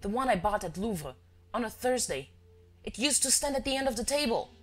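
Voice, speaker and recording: A woman voicing an agitated older man, a father who stammers and shouts. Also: fairly high pitch, lively intonation, fairly quick, soft background music, voice pushed up. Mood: frantic.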